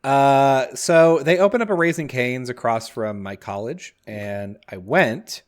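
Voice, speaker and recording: A man's voice: mid-range voice, a little slow. A young man co-hosting a podcast, telling stories in casual chat and working himself into mock-outraged rants. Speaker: podcast co-host.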